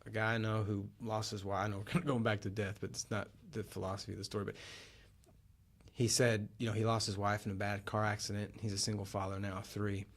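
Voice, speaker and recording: A middle-aged man hosting a casual chat, telling animated stories and acting out the people in them. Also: lowish voice, quick pace. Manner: animated, acts out quoted voices and laughs while telling stories. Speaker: podcast host.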